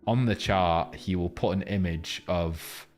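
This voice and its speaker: This low-voiced man takes his time, soft music playing behind him as he live-streams. His chat with viewers is crude and joking, wandering between gags and a lesson on charts.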